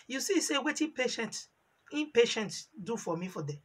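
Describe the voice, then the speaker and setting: A woman with a Nigerian accent telling a story from her life in a casual vlog, animated and voicing the people she quotes. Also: on the high side, moderate pace. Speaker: vlogger. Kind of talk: casual storytelling monologue in Pidgin.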